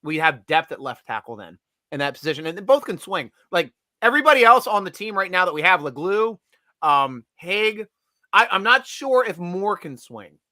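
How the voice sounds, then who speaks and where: A man hosting a live fan show, chatting excitedly and tripping over his words as he rambles on. His voice sits a little high and rings very bright. The sound is close and dry. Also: normal speed, no room sound. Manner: excitable, rambling, frequent restarts. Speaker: live stream host. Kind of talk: excited casual fan commentary.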